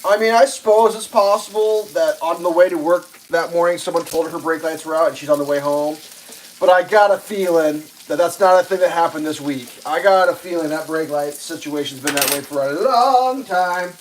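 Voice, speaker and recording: A man hosting a livestream, telling a rambling, profane story while he cooks and loudly acts out the quotes. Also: a little high, fairly quick, a little hiss or hum, poor audio. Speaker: livestream host. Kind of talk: casual storytelling while cooking.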